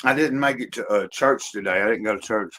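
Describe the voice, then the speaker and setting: A man's voice: on the low side, brisk, pushed and bright, poor audio. A man hosting a casual livestream from home, rambling and restarting his sentences, with many fillers and the odd cough. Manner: talks while eating, occasional coughs. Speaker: livestream host.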